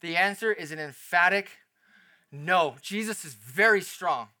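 Male pastor, fairly high, bright voice; emphatic sermon delivery full of rhetorical questions. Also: moderate pace.

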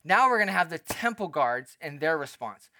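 A male pastor preaching in a lively, conversational way, often slipping into the voices of the people in his story. His voice is high and bright, with a lot of spark to it. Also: normal speed, dry recording. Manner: animated, conversational, acts out quotes. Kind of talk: sermon.

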